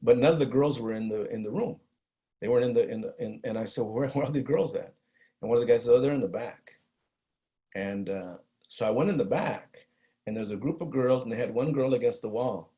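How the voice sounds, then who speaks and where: A middle-aged man with a Chicano East Los Angeles accent, telling a personal story in a talk, earnest and halting, with many restarts and Spanish phrases. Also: medium pitch, warm tone, muffled recording. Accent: Chicano English from East Los Angeles. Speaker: guest speaker on violence prevention.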